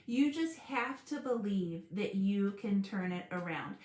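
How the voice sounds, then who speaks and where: A woman hosting a live stream about school support teams, earnest and animated, laughing often as she talks. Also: medium pitch, measured pace, echoey room. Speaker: special education advocate hosting a live stream. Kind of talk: casual live-stream talk.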